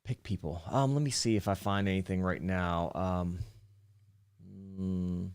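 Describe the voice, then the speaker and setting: A man with a very deep voice co-hosts a live podcast. He keeps things easygoing and casual, and he picks out audience questions and reads them aloud. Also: steady tone, measured pace, darkish tone, clear, resonant tone. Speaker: podcast co-host.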